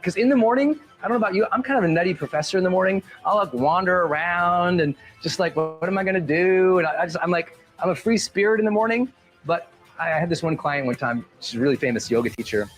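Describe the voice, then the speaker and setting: A man with a high voice for his sex talks as a performance coach, quick and playful, firing off rhetorical questions. Faint music plays low behind his speech. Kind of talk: motivational talk.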